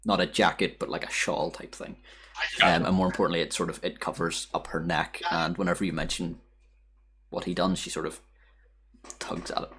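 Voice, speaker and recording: A man narrating as dungeon master, describing scenes with frequent pauses and fillers. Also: deep voice, little pitch movement, a bit bright, a little hiss or hum. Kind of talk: narrating a tabletop game.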